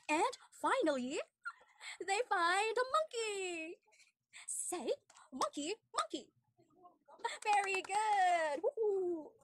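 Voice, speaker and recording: A young woman from the Philippines gives a young child a demo English lesson online, showering them with exaggerated sing-song praise and laughing often. Her voice is high-pitched with a fairly bright tone.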